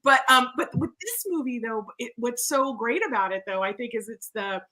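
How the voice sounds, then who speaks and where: A woman co-hosting a casual podcast chat about a movie, animated and laughing, acting out quoted voices. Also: on the high side, moderate pace, low-quality recording.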